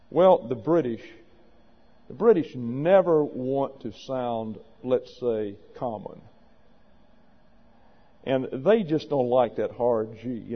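A man's voice: mid-range voice, takes it slowly. A man preaching a sermon to a congregation, emphatic and wry, with sarcastic asides. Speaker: pastor. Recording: dull audio with long reverb.

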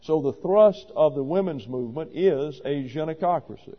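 A man's voice: a little high, lively intonation, normal speed. A man preaching a sermon to a congregation, emphatic and wry, with sarcastic asides. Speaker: pastor. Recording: dull audio with long reverb.

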